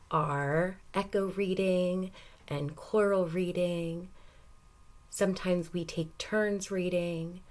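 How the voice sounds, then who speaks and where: A woman teacher reading a picture book aloud to young children, gentle and encouraging, stopping to ask questions. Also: fairly low pitch.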